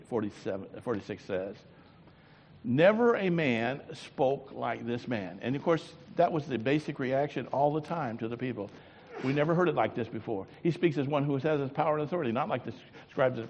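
A man preaching a sermon, swinging from loud exclamations to low murmurs and asking the congregation rhetorical questions. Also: slightly rough. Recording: long hall reverb.

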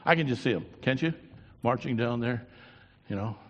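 A man preaching a sermon, swinging between quiet, drawn-out lines and loud, raised bursts. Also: mid-range voice, expressive, muffled recording. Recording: long hall reverb.

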